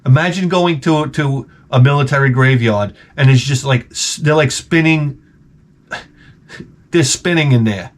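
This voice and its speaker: A middle-aged man telling rambling, profane stories in a casual vlog, jumping into loud joking exclamations. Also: mid-range voice, measured pace. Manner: excitable, profane, jokey, with sudden loud exclamations. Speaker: video game vlogger.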